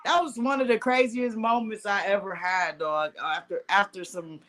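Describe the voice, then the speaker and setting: A woman's voice: medium pitch, fairly even intonation, normal speed, a bit bright. A woman hosting a podcast, telling loose, profane stories in casual chat and talking straight to listeners. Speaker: podcast host.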